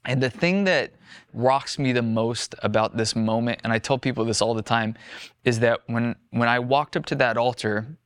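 A man's voice: mid-range voice, normal speed, clear, resonant tone, no echo, studio quality. A young man earnestly telling his personal faith testimony, acting out his own past words and others' in a conversational storytelling way. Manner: earnest, storytelling, frequent "like" and quoted self-talk. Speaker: former firefighter sharing testimony.

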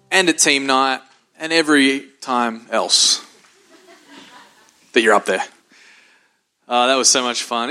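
A man's voice: medium pitch, sharp tone. A man acting as pastor, giving upbeat, effusive announcements at a church service. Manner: upbeat and effusive, hyping the congregation. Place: church service in a large room.

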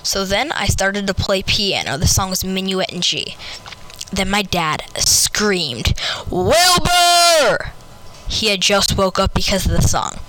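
A woman reading a first-person story aloud with lively storybook delivery, putting on voices for each character. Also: mid-range voice, measured pace, poor audio.

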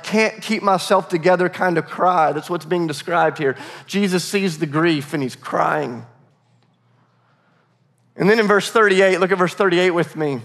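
Guy pastor preaching, earnest, kinda high voice, echo of a big church hall. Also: a bit bright. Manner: earnest, repeats words, varies pace for emphasis. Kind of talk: sermon. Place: church sanctuary. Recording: long reverb of a large hall.

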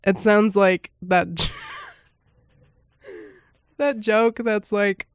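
A woman's voice: medium pitch, steady tone, extremely slow, clear, resonant tone, no echo, studio quality. A woman giving a casual first-reaction commentary on a film, rambling with lots of fillers and frequent laughter.

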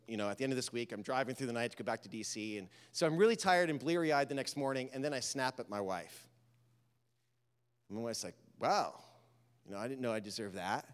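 A man preaching a sermon, telling a story and urging his listeners, talking casually and building to loud, animated exhortation. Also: medium pitch, clear, resonant tone. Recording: reverberant hall.

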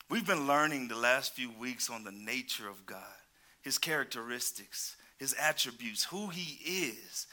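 Male preacher, slightly high voice, lively storyteller who slips into characters' lines. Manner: animated, playful storytelling with laughs. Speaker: pastor. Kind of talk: sermon with storytelling.

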